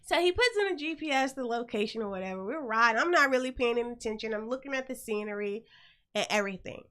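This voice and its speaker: A middle-aged woman hosting a show, telling a story in a lively, blunt and profane way. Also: fairly high pitch, fast. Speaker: host. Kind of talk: casual storytelling chat.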